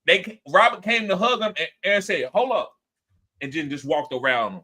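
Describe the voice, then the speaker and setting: Talking fast, the podcast host animatedly leads his casual sports talk show, reading chat comments out loud and acting out quotes in a higher-pitched voice.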